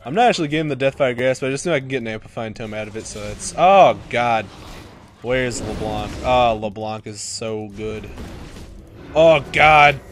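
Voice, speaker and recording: A young man commentating his own gameplay, excitable, swearing and shouting at teammates. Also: medium pitch, a little fast, a little hiss or hum.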